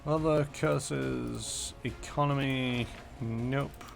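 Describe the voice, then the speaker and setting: A man's voice: medium pitch, steady tone, very slow, gravelly, soft background music. A man streaming a game, muttering casually through menus and numbers. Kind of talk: casual gameplay commentary.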